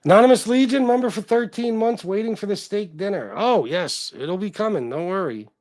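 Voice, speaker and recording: A man's voice: sits high, expressive, a little fast, no echo. A middle-aged man hosting a casual livestream, reading chat comments and talking in a blunt, profane, self-deprecating way.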